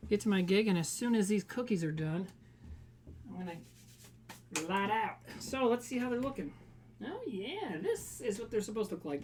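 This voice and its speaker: A man's voice: sits high, darkish tone. Man, livestream host, casual rambling chat, joking, home kitchen, faint background hiss. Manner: rambling, jokey, reads chat aloud and laughs. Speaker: livestream host baking cookies.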